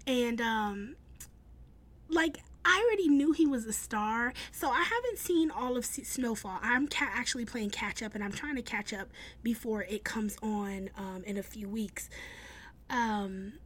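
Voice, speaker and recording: Chatty young woman with a high voice. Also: unhurried, fairly bright tone. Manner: chatty and upbeat, many fillers and restarts. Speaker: blogger. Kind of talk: casual storytelling vlog.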